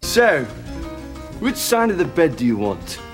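A man's voice: on the high side, sing-song, measured pace, over music. An actor playing a randy, cheeky male spy who delivers leering innuendo in a film scene.

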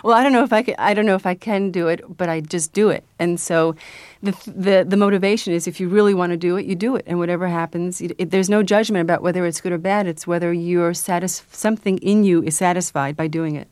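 A woman's voice: on the low side, steady tone, fast talker, hardly any pauses, darkish tone, clean tone, dry recording. Hesitant woman guest, dry studio sound. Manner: hesitant, many restarts and fillers, laughs easily. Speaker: guest, children's book author and illustrator. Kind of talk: radio interview.

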